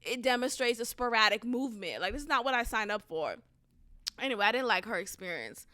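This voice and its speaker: A young adult woman hosting a podcast, ranting casually in an animated, profane way that flares into loud outbursts. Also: fairly high pitch, fairly quick, dry recording, clean studio sound. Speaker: podcast host. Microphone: close studio mic.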